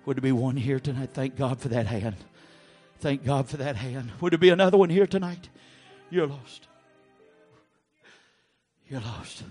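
A man preaching an altar call, pleading and swinging from low murmurs to shouted appeals. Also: a little fast, soft background music. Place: church sanctuary.

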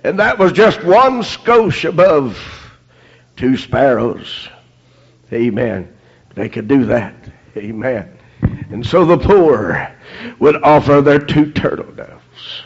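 A man's voice: mid-range voice, very animated, takes it slowly, long pauses, husky. A man preaching a fervent sermon, dotting his lines with amens and praise God, in a dull lo-fi recording.

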